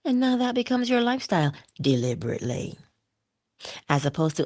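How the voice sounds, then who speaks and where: A woman's voice: on the low side, very animated, a little fast, darkish tone, no room sound, studio quality. A woman giving casual inspirational talk, chatty and playful, laughing often and sometimes dropping to a whisper. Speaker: inspirational speaker.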